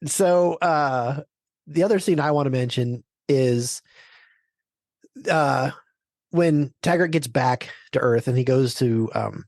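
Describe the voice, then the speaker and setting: A man's voice: mid-range voice, slow pace, darkish tone, no echo. Rambling man host, dry close sound. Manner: rambling recaps. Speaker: podcast host. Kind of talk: casual chat.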